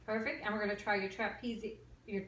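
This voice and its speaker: A woman calmly talking a patient through a cranial nerve exam, step by step, with small fillers. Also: mid-range voice, a little fast. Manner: calm step-by-step instructions with fillers. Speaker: nursing student doing an exam demo. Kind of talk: instructional clinical demonstration. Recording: echoey room from far off.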